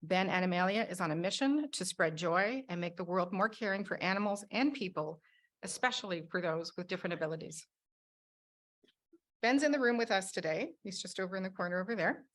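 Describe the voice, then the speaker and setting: A woman on an award selection team presenting prepared remarks in a measured, read-aloud manner. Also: medium pitch, expressive.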